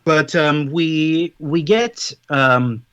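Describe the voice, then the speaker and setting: A man co-hosting a podcast in casual chat, summarizing a story with quick acted-out quotes. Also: fairly high pitch, fairly bright tone, clean tone, dry recording, dull audio. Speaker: podcast co-host.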